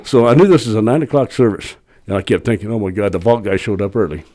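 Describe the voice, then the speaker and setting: Guest storyteller, man, low mellow voice, rattles through a rambling anecdote. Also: fast. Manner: rambling, plain-spoken, acts out his own quotes. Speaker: podcast guest telling a story; cemetery worker. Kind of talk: casual storytelling.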